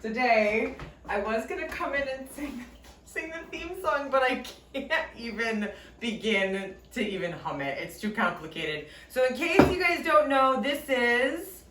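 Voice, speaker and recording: A woman's voice: on the high side, expressive, unhurried, a bit bright. A woman in her forties co-hosting a home cooking show, chatting and giggling. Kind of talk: casual chat. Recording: echoey room with faint noise, distant mic.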